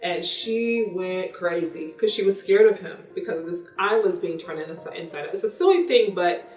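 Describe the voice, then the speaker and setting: A woman's voice: on the low side, normal speed, recorded from a distance. A woman candidly telling a story about raising her child, acting out the dialogue. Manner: candid, animated retelling with quoted dialogue. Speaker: parent vlogger. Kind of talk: casual storytelling. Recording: echoey room, voice from off-mic, faint music.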